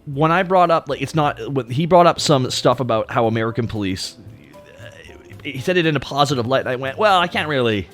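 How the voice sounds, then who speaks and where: Man, from Canada, livestream rant, profane, animated, mid pitch, faint music behind. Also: fairly quick. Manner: profane, animated ranting, answers chat. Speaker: VTuber streamer.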